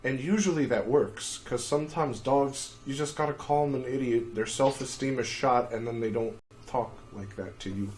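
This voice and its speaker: A man telling a crude, profanity-filled story on a casual livestream, with shouted outbursts. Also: medium pitch, moderate pace, hardly any pauses, slight background noise. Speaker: streamer.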